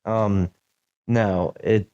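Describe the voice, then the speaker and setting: A young man hosts a podcast and tells a story in a casual, animated way. He fills his speech with "like" and acts out what people said. His voice sits low, with a dark, mellow tone. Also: very slow, muffled recording. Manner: animated, acts out quotes, many "like" fillers. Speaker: podcast host.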